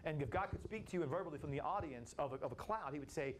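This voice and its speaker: A man leading a Bible study, teaching in a lively, casual way and acting out the people in the story. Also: on the high side, fast talker, few pauses. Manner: animated, acts out voices of people in the story, casual slang.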